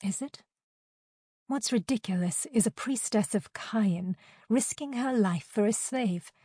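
A woman voicing a haughty, matronly high priestess who speaks in a scornful, cutting way. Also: measured pace, mellow, breathy edge, no echo, studio quality.

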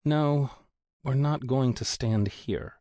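A man's voice: mid-range voice, takes it slowly, dark tone, dry recording, pitched above the performer's own voice, close to an everyday voice. A man voicing a gloomy, serious male drilling supervisor who explains dangers in a sober tone. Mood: warning.

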